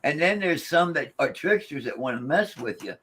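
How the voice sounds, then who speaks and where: A man's voice: fairly high pitch, lively intonation, normal speed, pushed and bright, slight background noise. A man, a paranormal investigator, chatting casually and rambling with frequent restarts. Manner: rambling, repeats and restarts words. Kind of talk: casual chat.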